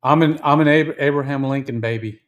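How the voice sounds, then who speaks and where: A man's voice: mid-range voice, muffled recording. Easygoing man in his sixties. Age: 60s. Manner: easygoing, halting with repeated starts. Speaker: co-host of a live stream. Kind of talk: casual live-stream chat.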